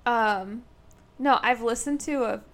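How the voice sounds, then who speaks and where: A woman's voice: fairly high pitch, takes it slowly, slight background noise. A young woman with a Midwestern American accent co-hosting a podcast, hesitant and giggly in casual chat. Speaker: podcast co-host.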